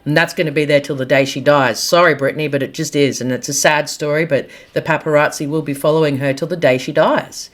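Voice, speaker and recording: Woman, low-ish voice, opinionated gossip vlogger, casual and blunt, laughs easily. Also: a little fast, few pauses. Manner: blunt, animated, laughs at own jokes, slangy. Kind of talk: casual opinionated monologue to camera.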